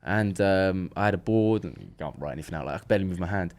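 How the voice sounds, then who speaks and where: A young man, a podcast guest, telling a long personal story in casual chat, animated and full of restarts. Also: sits low, fast talker.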